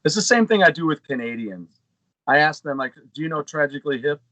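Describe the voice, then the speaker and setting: A man's voice: on the high side, expressive, brisk, a bit bright, no room sound, lo-fi sound. Dry-sounding man telling rambling stories. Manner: rambling anecdotal storyteller. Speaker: podcast co-host. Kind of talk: casual chat.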